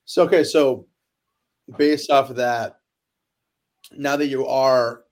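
Male podcast host, mid pitch, brief hyped interjections, relaxed chat. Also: slow. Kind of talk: casual chat.

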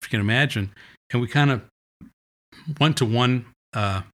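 A man's voice: medium pitch, normal speed. A man telling funny family stories in a casual chat, acting out the lines of the people in them. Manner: animated anecdotes, acting out quotes. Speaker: guest. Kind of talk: casual storytelling.

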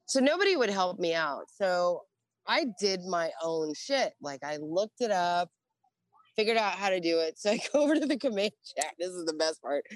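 A woman's voice: lowish voice, moderate pace, no echo. Profane middle-aged woman spinning yarns. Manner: profane, animated, acts out dialogue. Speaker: guest, former Navy religious program specialist. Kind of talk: casual storytelling.

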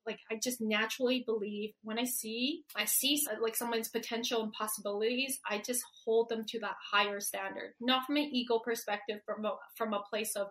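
Bright animated woman in her forties. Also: on the high side, fairly quick, hardly any pauses. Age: 40s. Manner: animated, laughs often, acts out quoted dialogue. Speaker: healer and coach, guest. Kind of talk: casual interview conversation.

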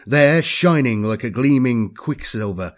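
A man giving a measured, dramatic scripted audiobook narration. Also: mid-range voice, animated.

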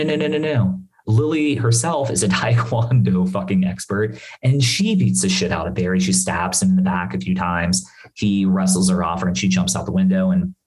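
Man, very low voice, casual podcast storyteller, rambling, swears freely. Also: rough recording. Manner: rambling, animated storytelling with asides and profanity. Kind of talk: casual solo podcast recap.

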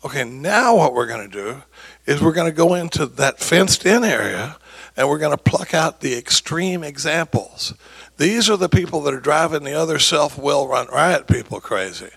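A man in his sixties with a gravelly, husky voice that sits a little high for a man. He tells stories and jokes, and keeps checking in with his listeners as he speaks to a recovery meeting. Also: moderate pace. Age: 60s. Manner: storytelling, joking, animated asides to the audience. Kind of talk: folksy recovery talk.

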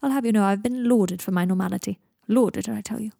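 A woman's voice: medium pitch, fairly quick, gravelly, mellow, husky, dry recording, clean studio sound. A woman doing a wry dying young wizard. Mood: giddy.

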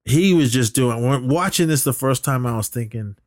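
A man's voice: mid-range voice, animated, moderate pace, no room sound, clean studio sound. A man hosting a podcast, recapping a movie in a rambling, filler-heavy way. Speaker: podcast host.

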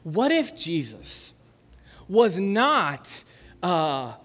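A man's voice: high voice, wildly swooping pitch, extremely slow, a bit bright, long reverb tail. A man preaching a conversational sermon as a pastor, asking the crowd questions and laughing often. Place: church hall.

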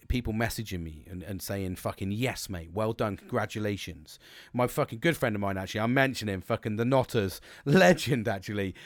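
A man's voice: fairly low pitch, no room sound. A middle-aged man hosting a solo podcast, talking casually with lots of swearing and digressions that he keeps catching himself on. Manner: sweary, chatty, self-interrupting digressions. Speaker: podcast host. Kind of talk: rambling solo podcast monologue.

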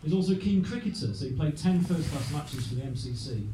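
A man hosts a live show in a fairly high, expressive voice, talking fast and chatting as he reads facts off his notes. The sound is echoey and distant, with faint noise, as you'd expect at a live venue.

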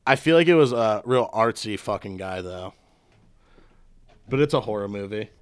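A man's voice: fairly low pitch, lively intonation, moderate pace, clear, resonant tone. A man hosting a casual podcast chat in a studio, joking and curious, swearing casually. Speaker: podcast host.

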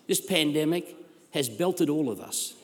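An Australian man preaching a sermon as pastor, with energetic, exclamatory delivery and repeated calls to the congregation. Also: on the high side, unhurried. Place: large church hall. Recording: long hall reverb.

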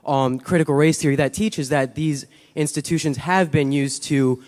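A man with a worn, partly lost voice asking a question from the floor. He hesitates and fills his pauses, speaking a little high. The words ring out in a reverberant hall. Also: darkish tone. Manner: hesitant, many fillers. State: voice partly gone. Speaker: audience questioner. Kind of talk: audience question at a lecture.

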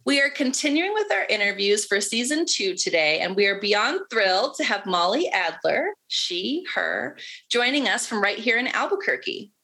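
Bright-toned woman podcast host. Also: medium pitch, very animated, normal speed. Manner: enthusiastic. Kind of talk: read introduction, then casual chat.

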